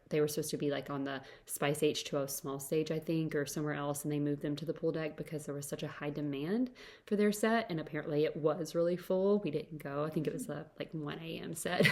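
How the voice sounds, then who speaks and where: Young adult woman, low-pitched podcast host, casual rambling storyteller with constant "like" fillers. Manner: chatty, fills every phrase with "like".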